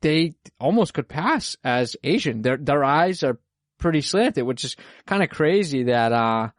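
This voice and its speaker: A man's voice: on the high side, animated, a little slow, dry recording, clean studio sound. A young man, a podcast host, chatting casually in a rambling, profane way with lots of fillers. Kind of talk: casual chat.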